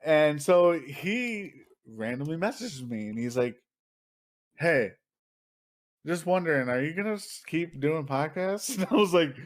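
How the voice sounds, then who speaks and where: A man's voice: a little high, expressive, a little slow. A man co-hosting a casual podcast, telling a story with lots of swearing and acting out what other people said. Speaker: podcast co-host. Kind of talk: casual chat.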